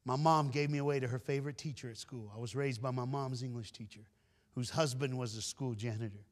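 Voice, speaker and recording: A man giving a storytelling sermon as a guest speaker, animated and folksy, talking straight to the crowd. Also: medium pitch, a little fast. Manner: animated, addresses the crowd directly, folksy talk. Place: large church hall. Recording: long hall reverb.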